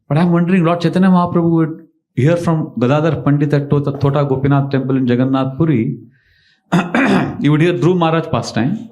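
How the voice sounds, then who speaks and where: A man's voice: on the high side, a little mellow. A man, a spiritual teacher giving a devotional lecture and telling stories with emphatic rhetorical questions. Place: temple lecture hall.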